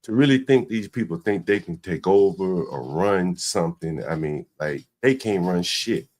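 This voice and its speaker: Man with a lively, swooping delivery. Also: low-pitched. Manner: laughs often, drawn-out exclamations. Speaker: co-host of a call-in livestream. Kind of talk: casual live-stream chat.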